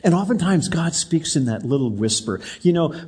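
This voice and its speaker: A man's voice: fairly high pitch, lively intonation, moderate pace, darkish tone, breathy edge. A middle-aged man preaching a sermon as a pastor, in a conversational, personal and direct manner.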